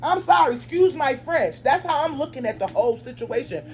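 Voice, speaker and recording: A woman vlogger telling a story to her viewers in a casual, animated, emphatic way, cursing freely and calling her audience y'all. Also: sits high, fairly quick.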